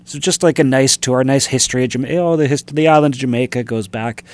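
A man's voice: medium pitch, fast. A man co-hosts a casual podcast chat. He tells his stories hesitantly, trailing off and starting over. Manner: hesitant, trails off and restarts while recounting. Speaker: podcast co-host.

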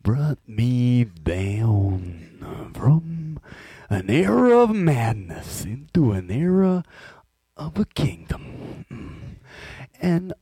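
A man doing a comedic impression of a brooding male wrestler, slow and dramatic with breathy whispers. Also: medium pitch, darkish tone, no echo, clean studio sound, exaggerated voice.

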